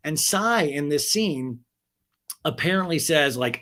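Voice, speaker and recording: A man's voice: on the high side, expressive, a little slow, sharp tone. A man hosting a podcast, giving a chatty, wry, casual recap of a reality show. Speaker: podcast host.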